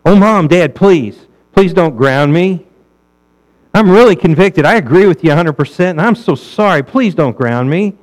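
A man's voice: a little high, expressive, moderate pace, pitched above the performer's own voice, close to an everyday voice, rough recording. A man voicing a remorseful child who pleads with a parent not to be punished. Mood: pleading. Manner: pleading, overly apologetic.

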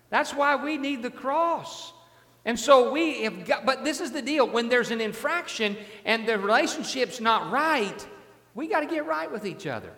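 A man's voice: very high-pitched, sharp tone, in a large hall. A man preaching a sermon as a pastor, in a conversational way, often repeating his words and asking the congregation questions.

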